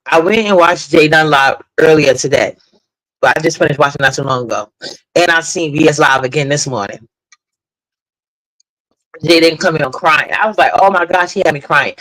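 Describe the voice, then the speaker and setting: A woman's voice: deep voice, a bit bright, rough recording. A woman hosts a loose live-stream chat in a blunt, rambling way. She swears without hesitation and drifts from one point to the next. She breaks off now and then to greet people in the chat. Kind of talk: casual live-stream commentary.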